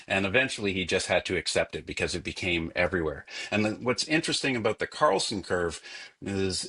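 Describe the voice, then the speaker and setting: A man with a Canadian accent answers interview questions in a deep, low register. He speaks in a thoughtful, unscripted way, pausing often and restarting his phrases as he works out what to say. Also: pushed and bright. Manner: thoughtful, frequent fillers and restarts. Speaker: guest. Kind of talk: conversational interview.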